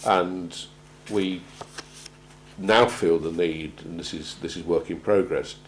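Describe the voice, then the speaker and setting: A man gives a measured talk on crisis planning, often pausing and repeating words as he goes. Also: low voice, steady tone, a little hiss or hum, poor audio. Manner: measured, halting, repeats words while finding them. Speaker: presenter on organisational crisis planning. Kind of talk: prepared talk to an audience.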